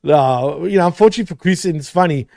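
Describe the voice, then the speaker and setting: A man's voice: fairly high pitch, quick pace, creaky, warm tone, no room sound, clean studio sound. A man hosting a casual podcast chat, laid-back, saying "dude" and reading viewer comments aloud. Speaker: host.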